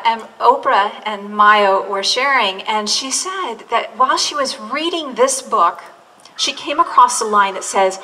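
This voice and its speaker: A woman's voice: fairly high pitch, pushed and bright, a little hiss or hum. A woman pastor delivering a sermon, preaching in an earnest way and drawing out key words for emphasis. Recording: distant mic with faint room ambience.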